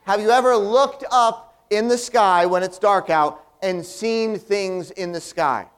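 A comedy performer in the role of the earnest straight man takes it slowly, explaining things patiently through stammering restarts. His medium-pitched voice is clear and resonant.

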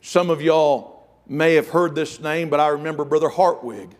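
A middle-aged pastor delivers a fervent sermon. His voice sits a little high for a man, and he keeps his listeners close with repeated calls to listen. He weaves a long anecdote into the preaching. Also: normal speed. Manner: fervent preaching, storytelling, frequent "amen" and "listen".

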